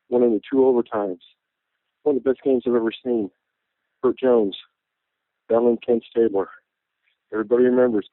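A man's voice: medium pitch, no room sound. A man on a tinny, dry phone line, emotional and nostalgic. He keeps dropping "man" into his sentences while he reminisces. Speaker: caller. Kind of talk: emotional fan call-in.

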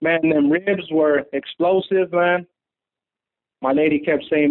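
A man's voice: a little high, fairly even intonation, slow pace. A man calling into a sports talk show, cheerful and saying man after nearly every phrase. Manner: upbeat, says man constantly. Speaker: caller. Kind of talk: excited fan call over the phone. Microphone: phone. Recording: tinny phone line.

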